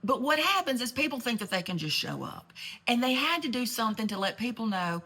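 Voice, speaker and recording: A woman's voice: fairly high pitch, big pitch swings, fairly quick, pushed and bright, slightly rough. A woman telling a rambling, gossipy comedic story, full of asides and genteel sass. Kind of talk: comedic monologue in character.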